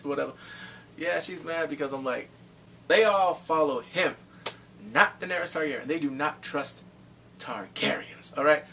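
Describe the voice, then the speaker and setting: A man giving an excitable, casual spoken review of a TV episode, swinging from mumbles to shouts. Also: a little high, moderate pace, distant mic, slight background noise.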